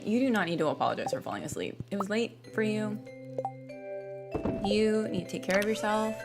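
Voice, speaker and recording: A young woman streaming a game, chatting casually and rambling with lots of fillers and restarts, speaking into a desk mic on a boom arm. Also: animated, a little fast. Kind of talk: casual gaming stream chat. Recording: game music playing clearly behind.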